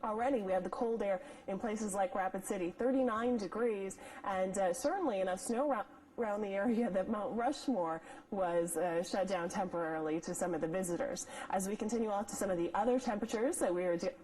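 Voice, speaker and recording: A woman's voice: mid-range voice, fairly quick, low-quality recording. Woman meteorologist with the hiccups. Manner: steady forecast patter with small slips and restarts. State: has the hiccups. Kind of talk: live weather forecast.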